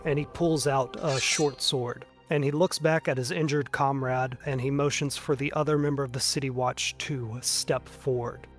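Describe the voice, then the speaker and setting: A man's voice: medium pitch, steady tone, normal speed, few pauses, music in the background. A man narrating a tabletop game as game master, casual, often saying "like". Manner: casual, frequent "like" fillers.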